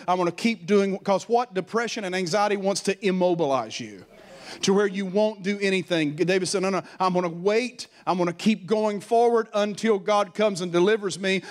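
A man preaching a sermon with animated call-and-response, sometimes mocking with stammers and silly voices. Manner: mocking stammer and high laughing voices for effect. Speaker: pastor.

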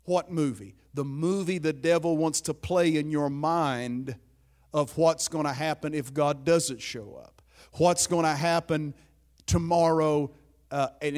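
High-voiced man preaching a sermon. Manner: emphatic, conversational, checks in with the congregation. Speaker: pastor.

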